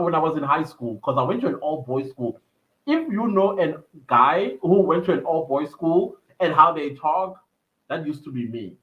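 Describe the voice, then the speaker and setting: A man's voice: fairly high pitch, bright, forceful tone. A young South African man hosting a livestream, chatting casually and reading viewer comments aloud with frequent laughter. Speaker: livestream host. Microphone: computer mic on a live stream. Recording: slightly dull lo-fi stream audio.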